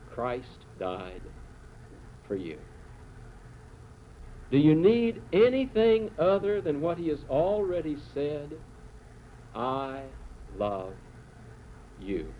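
Dramatic preacher man, tinny sound. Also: on the high side. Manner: dramatic storytelling with slow emphatic phrases. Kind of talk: sermon. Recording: tinny phone-like sound with faint noise.

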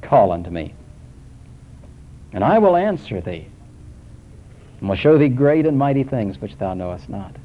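A man preaching a sermon with a very lively, rolling voice that climbs high for emphasis and sinks low and soft for scripture. The recording is dull and lo-fi, and his pitch sits in a middle range. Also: unhurried, long pauses. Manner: dramatic rises and drops, quoting scripture in a hushed low voice.

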